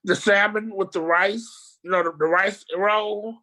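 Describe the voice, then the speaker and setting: A video-call participant spins a wandering, animated tale in relaxed conversation, cursing and using slang. Their medium-pitched delivery runs a little slow.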